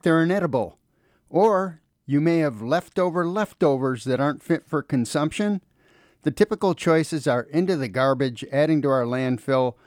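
A man's voice: medium pitch, dry recording, clean studio sound. A man reading a public service announcement for a library program in a plain, informative way.

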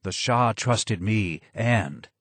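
A man voicing a broken, disfigured former advisor who speaks low, hoarse and slow, sounding more sad than angry. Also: lively intonation, fairly bright tone, no room sound, full character voice.

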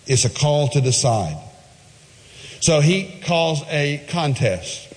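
A man's voice: fairly high pitch, sing-song, slow, big-room sound. Emphatic man preaching a sermon. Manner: emphatic storytelling, retelling a story with asides.

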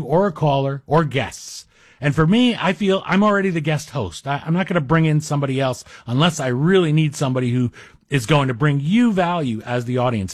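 Guest-hosting talk radio, this middle-aged man of Greek heritage talks through a chatty monologue full of wry jokes at his own expense. He has a fairly high, breathy-edged voice, recorded on a studio mic with no echo.

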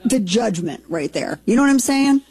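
A woman in her forties from Southern Missouri, co-hosting a chat show and telling family stories in a lively, laughing way. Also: on the high side, moderate pace. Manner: animated storyteller, laughs easily. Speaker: talk show co-host. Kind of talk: casual chat, storytelling.

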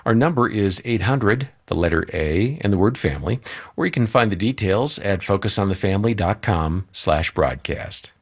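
A man co-hosting a radio show, reading the closing announcements with a smooth announcer delivery. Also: fairly low pitch, expressive, normal speed.

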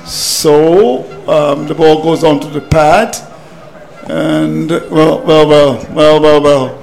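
High-voiced Caribbean cricket radio commentator, exasperated. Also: male voice, steady tone, slow pace, creaky, darkish tone, faint music behind, low-quality recording. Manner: exasperated, repeats phrases, chuckles at the collapse.

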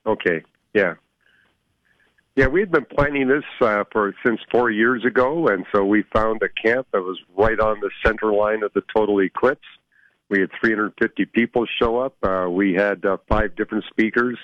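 Male interview guest, slightly low voice, dull lo-fi recording, keen explainer. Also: moderate pace, no room sound. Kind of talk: interview answer. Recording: dull lo-fi phone-style audio.

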